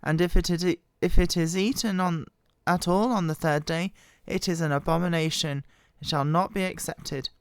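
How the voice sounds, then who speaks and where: A woman with a bad cold, hoarse and quiet, her voice wobbling as she reads scripture aloud close to the microphone. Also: dry recording. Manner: quiet, halting, voice wobbling in pitch. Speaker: Bible reader. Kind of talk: slow scripture reading.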